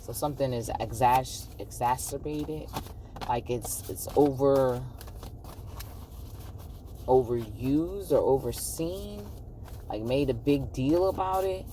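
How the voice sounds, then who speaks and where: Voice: medium pitch, takes it slowly, long pauses, dark tone, distant mic, slight background noise. A tarot card reader giving a casual, encouraging pick-a-card reading to viewers, often checking in with "okay?".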